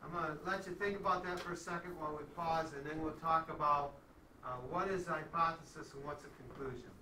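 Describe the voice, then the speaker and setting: This math teacher talks fast in a fairly high, steady, sharp voice, chatting with his class and regularly checking in with students during the lecture. The classroom is echoey and captured from a distance, with a little background noise.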